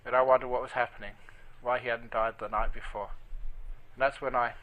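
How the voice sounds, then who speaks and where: A man giving a storytelling dharma talk as a monk, speaking gently and dropping to a near whisper at tender moments. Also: mid-range voice, level tone, a little fast, highs cut off. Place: meditation group hall.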